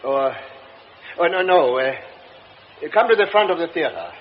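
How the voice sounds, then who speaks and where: An actor playing a formal, insistent gentleman. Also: a little high, animated, normal speed, close to an everyday voice. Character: formal, insistent well-to-do man. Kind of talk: radio drama. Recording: dull old radio recording with hiss.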